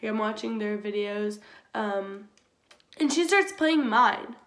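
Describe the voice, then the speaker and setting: Animated but taking her time, a young woman with a mid-range, slightly bright voice tells a story for her vlog. Her chatty delivery leans heavily on "like," and the room gives the audio an echoey sound.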